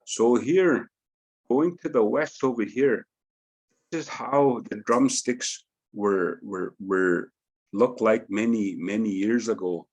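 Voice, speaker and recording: Middle-aged male teacher, low voice, unhurried delivery that repeats words and tags phrases with "eh?", teaching at home. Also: a little mellow. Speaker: Indigenous knowledge teacher. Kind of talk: spoken teaching with demonstrations. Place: indoors at home.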